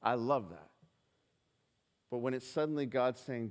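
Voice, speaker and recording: A man's voice: medium pitch, fairly quick, long pauses, clean tone. A man preaching a sermon, telling a personal story earnestly and acting out the dialogue with hesitant restarts. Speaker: pastor. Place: church hall. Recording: live stream in reverberant hall.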